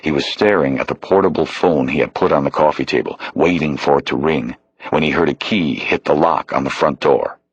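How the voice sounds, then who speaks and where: A man narrating a crime thriller audiobook in a measured, steady way. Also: extremely low pitch, breathy edge, dull audio. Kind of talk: scripted narration.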